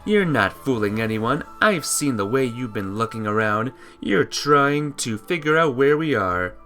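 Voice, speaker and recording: A man's voice: mid-range voice, expressive, measured pace, bright, forceful tone, faint music behind. A man reading as a sneering hostile witch. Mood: scornful. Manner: sneering, threatening. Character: young female witch, scornful and hostile. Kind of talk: game dialogue read aloud.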